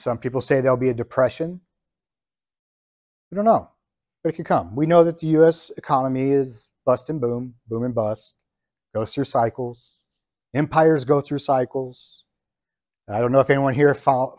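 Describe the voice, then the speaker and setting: A man, a business coach, lecturing business students in an emphatic, deliberate way, ticking through his points one at a time. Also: mid-range voice, a little mellow, no room sound.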